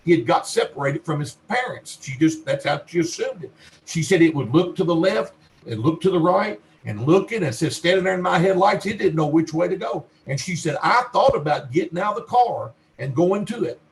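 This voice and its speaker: A man's voice: fairly high pitch, lively intonation, fairly quick, slight background noise, low-quality recording. Folksy Western Kentucky man telling stories. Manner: folksy rambling storyteller, acts out quoted dialogue. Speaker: Bigfoot researcher guest. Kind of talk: podcast interview storytelling.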